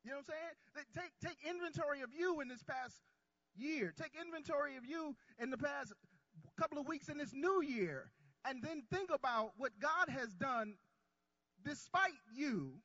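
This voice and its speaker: A man preaching a sermon who calls on his congregation to answer back, drawing out key words and swinging between quiet asides and loud lines. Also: very high voice, animated, normal speed, no room sound, lo-fi sound. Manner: call-and-response with the congregation.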